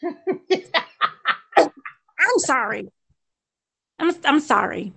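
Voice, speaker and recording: Young american woman, high voice, gushing podcast film review, rambling. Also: expressive, very slow, vocal fry, sharp tone, slightly rough. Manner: gushing, rambling with restarts and fillers. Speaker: entertainment editor reviewing a film.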